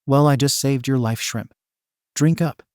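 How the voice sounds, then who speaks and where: Man doing brash teen swordsman, cocky, teasing, mellow low-key voice, brief fan-story read. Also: unhurried, smooth, no room sound, clean studio sound, lightly acted.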